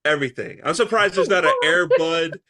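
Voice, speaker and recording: A man co-hosting a podcast in casual chat, animated and laughing, acting out ranting voices. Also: fairly high pitch, a little fast. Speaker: podcast co-host.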